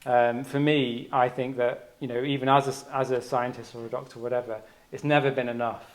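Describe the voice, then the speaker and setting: A man's voice: medium pitch, level tone, fairly quick. A man giving a personal Dharma talk on retreat. He speaks as a doctor, in an earnest, searching way, thinking aloud as he goes.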